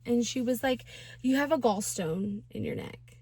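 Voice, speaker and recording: A woman's voice: fairly high pitch, expressive, normal speed, creaky, a little mellow, slightly rough, dry recording. Chatty young woman, dry close sound. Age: 20s. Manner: chatty, slangy, many fillers. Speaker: vlogger. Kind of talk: casual storytime.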